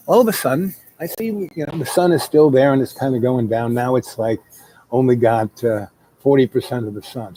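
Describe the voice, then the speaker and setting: A man's voice: mid-range voice, dark tone, a little hiss or hum, low-quality recording. A man telling a long personal story in a loose, rambling way, full of fillers and restarts. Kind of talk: casual spoken storytelling.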